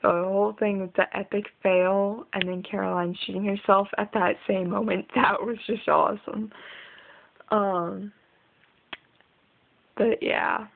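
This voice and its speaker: A woman's voice: medium pitch, little pitch movement, a little slow, gravelly, pauses often, narrow, tinny audio, a little hiss or hum. A young woman rambling casually in a video diary, chatty and full of ums. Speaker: vlogger.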